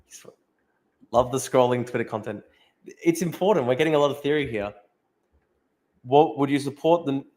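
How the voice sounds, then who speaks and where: A young man chats loosely on a livestream. He swears freely and laughs his way through posts he scrolls past, in a voice of ordinary pitch. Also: normal speed, long pauses, darkish tone. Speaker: livestream host. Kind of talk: casual livestream chat reading comments.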